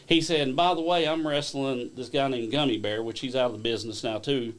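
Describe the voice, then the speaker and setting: A man, a wrestling promotion owner and guest, telling stories in a casual, animated way and laughing along. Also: medium pitch, fairly quick. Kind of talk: casual storytelling on a live stream.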